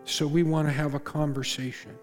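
A man preaching a sermon as pastor, earnest, rising to loud emphasis and dropping to hushed tones. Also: on the high side, level tone, fairly quick, in a large hall, faint music behind. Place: church sanctuary.

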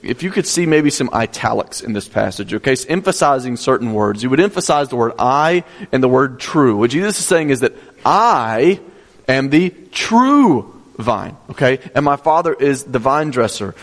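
A man's voice: mid-range voice, lively intonation, fairly quick, hardly any pauses, in a large hall. A male pastor preaching a sermon, teaching step by step, repeating key points and asking the congregation questions.

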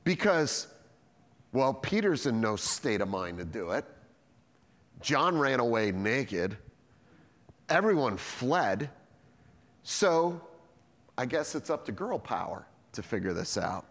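A man's voice: mid-range voice, slow, pauses often, long reverb tail. A man preaching a sermon, telling stories with lots of energy and acting out the dialogue himself. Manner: animated storytelling, acting out dialogue. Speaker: pastor.

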